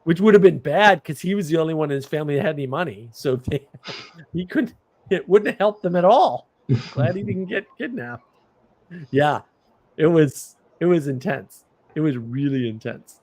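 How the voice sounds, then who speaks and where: A man's voice: on the high side, moderate pace, dry recording. A man hosting a livestream, telling stories in casual chat and acting out incredulous reactions. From United States. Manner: animated, mimics others with incredulous outbursts. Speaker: livestream host.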